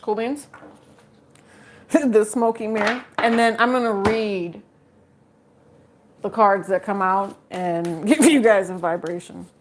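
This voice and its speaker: Woman, unhurried chatty tarot reader who laughs a lot, faint hiss behind. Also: mid-range voice. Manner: chatty, laughs often, jokes with viewers. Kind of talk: casual live tarot reading.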